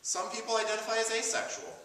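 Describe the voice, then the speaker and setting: A man hosting a campus event, reading a scripted stage text with an emphatic, lively delivery. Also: high voice, quick pace. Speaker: event host. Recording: echoey hall, mic far off.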